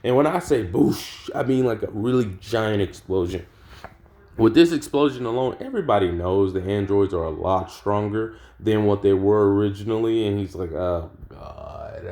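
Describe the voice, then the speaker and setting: A man's voice: fairly low pitch, mellow. A young man casually narrating a fan-made cartoon story, laid-back and slangy, swearing and trailing off with ums.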